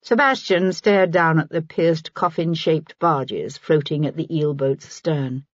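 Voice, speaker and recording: A woman narrating an audiobook with lively storytelling. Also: low voice, unhurried, dry recording, highs cut off. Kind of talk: scripted narration.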